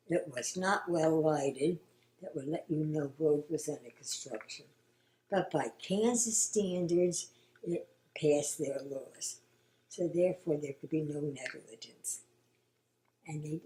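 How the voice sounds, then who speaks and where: An older woman with a low, mellow voice tells family memories in a halting, reflective way, often sinking into a near whisper. The recording carries a roomy echo. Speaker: grandmother recalling family history. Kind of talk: oral history interview.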